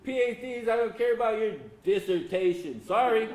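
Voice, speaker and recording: A man's voice: high voice, moderate pace, darkish tone. An older man telling folksy, humorous stories to an audience at a symposium and talking to them directly. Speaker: symposium speaker. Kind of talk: storytelling talk to an audience. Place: lecture hall. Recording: roomy hall sound, faint ambience.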